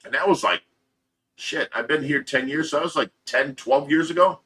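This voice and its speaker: Livestream host, male, foul-mouthed ranting storyteller with a sharp, bright voice. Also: on the high side, moderate pace. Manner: blunt, profane storytelling with laughs; ranting, talks to chat commenters by name. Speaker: livestream host of a fish rescue channel. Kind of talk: casual livestream chat.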